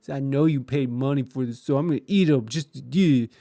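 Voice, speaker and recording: A man's voice: medium pitch, a little fast, gravelly, dark tone, no room sound, clean studio sound, lightly acted. A man quoting his ex-girlfriend in a raised, mocking voice, swearing defiantly. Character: angry greedy young woman, defiant.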